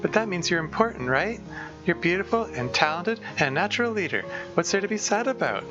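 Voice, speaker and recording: A man putting on an eager, clumsy teenage schoolgirl for a game playthrough, nervous and sincere, pitched well above a man's range. The sound is dull and lo-fi, with music playing behind. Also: big pitch swings, brisk. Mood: excited. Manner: high, bright put-on girlish voice, nervous and earnest.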